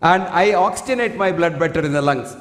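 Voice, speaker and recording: A high-pitched man with an Indian English accent lectures emphatically and in a preachy way, reciting Sanskrit verses between points. His voice rings through an echoey hall with a long reverb tail. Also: animated, fairly quick, a bit bright. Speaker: doctor giving a health lecture. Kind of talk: public health lecture. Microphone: single fixed stand mic.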